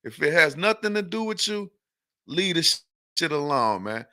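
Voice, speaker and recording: A man's voice: a little high, sing-song, moderate pace, pushed and bright. A man hosting a news podcast, rambling and profane, tacking "man" onto nearly every sentence. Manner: acts out an angry exchange in a raised voice. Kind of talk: loose profane news commentary.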